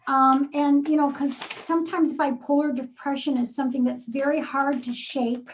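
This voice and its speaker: A woman's voice: sits high, flat delivery, normal speed, dull audio, a little hiss or hum. A woman psychic medium giving a live reading, asking probing questions and calling the sitter darling and sweetheart.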